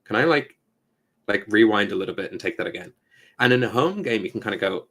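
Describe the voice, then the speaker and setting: Man, very low voice, casual podcast chat, animated, laughs mid-sentence, mock quoted voices. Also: fast talker. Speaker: podcast co-host.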